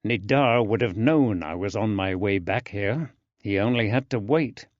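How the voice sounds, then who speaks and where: A male narrator voicing a composed, reassuring male investigator who speaks calmly and measuredly in an audiobook. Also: fairly low pitch, measured pace, no room sound, dull audio, close to an everyday voice.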